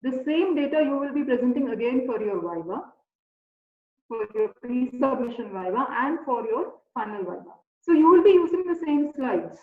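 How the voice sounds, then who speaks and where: A woman giving a webinar lecture on presentation skills, instructive and direct, sometimes acting out example quotes. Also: high voice. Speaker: webinar speaker. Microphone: video call. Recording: echoey, phone-like webinar audio.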